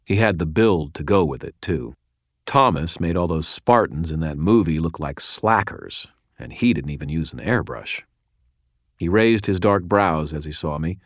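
A man reading a first-person audiobook narration in a wry, deadpan storytelling manner. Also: extremely low pitch, moderate pace, no echo, studio quality.

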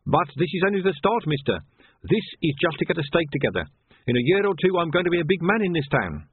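A man doing a shifty high-voiced pie seller. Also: big pitch swings, slightly rough, no echo, exaggerated voice. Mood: wheedling. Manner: fast wheedling sales patter, flustered stammering. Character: eager shifty male street pie seller. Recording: dry, phone-like narrow sound.

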